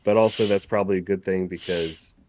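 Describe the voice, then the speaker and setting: A man's voice: low-pitched, fairly even intonation, brisk, darkish tone, a little hiss or hum. A man narrating as game master of a tabletop game, rambling and correcting himself, often laughing.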